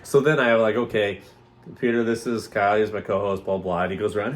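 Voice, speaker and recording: A man's voice: lowish voice, steady tone, fairly quick. A man co-hosting a podcast, telling stories in a rambling casual chat and mimicking other people's voices as he goes. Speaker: podcast co-host.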